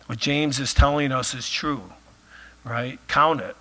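A man delivers a sermon in a casual, chatty way, peppering his points with filler phrases. His voice is bright and forward, though it is starting to wear thin as he loses it. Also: mid-range voice, fairly even intonation, measured pace. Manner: conversational, many filler phrases. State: losing his voice. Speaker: pastor.

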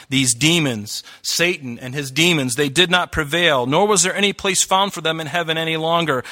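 A man's voice: fairly high pitch, moderate pace, hardly any pauses, sharp tone. A man preaching a sermon to a congregation, fervent and worked up, breaking into laughs and asides. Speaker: pastor. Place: church hall before a congregation.

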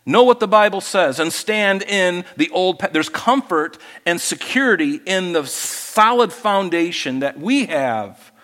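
A man preaching a sermon as pastor, lively and animated, acting out people he quotes. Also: a little slow, hardly any pauses, long reverb tail. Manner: animated, acts out quoted people in higher voices.

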